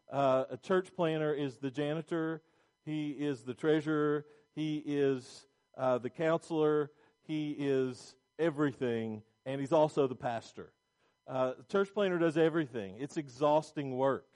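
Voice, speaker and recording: A man's voice: on the high side, unhurried, darkish tone. A middle-aged male pastor preaching a sermon, emphatic and repetitive, with restarts.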